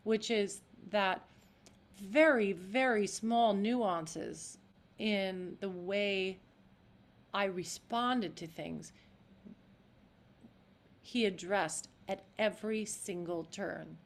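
An actress talking as a podcast guest in an animated, demonstrative way. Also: female voice, medium pitch, very slow, long pauses. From United States. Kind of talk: interview.

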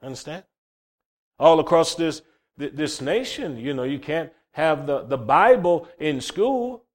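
A man's voice: fairly high pitch, expressive, a little slow. A man preaching a sermon, fervent and emphatic, often repeating words as he starts a phrase. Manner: fervent, rising to loud emphatic peaks.

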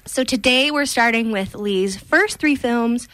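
A young adult woman hosting a film podcast in casual chat, playful and quick to laugh at puns. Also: a little high, fairly bright tone, no echo. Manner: playful, laughs often, pun-loving. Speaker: podcast host.

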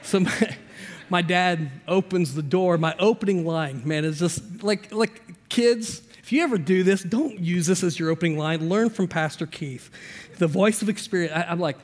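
A man preaching as a pastor, telling a personal story with lively shifts between loud and quiet and acting out the voices in it. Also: high voice, normal speed, big-room sound. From Indiana. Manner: animated storyteller, shifting loud and soft, acts out dialogue.

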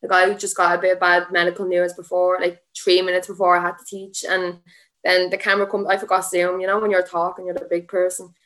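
This Irish woman in her twenties has a fairly bright, lowish voice that runs monotone and a little fast. Appearing as a podcast guest, the MMA fighter and student teacher rambles through casual chat, saying "like" constantly and laughing a lot.

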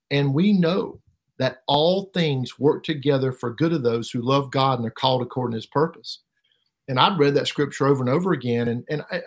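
Halting man telling his story. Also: mid-range voice. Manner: halting, repeats words, voice rises sharply when reliving pain. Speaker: interview guest. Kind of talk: emotional personal testimony.

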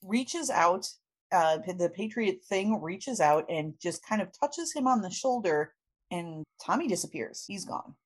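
Her fairly low voice has lively intonation and moves at a measured pace. This podcast host casually retells a comic book storyline, chatting away with many fillers and lots of laughter.

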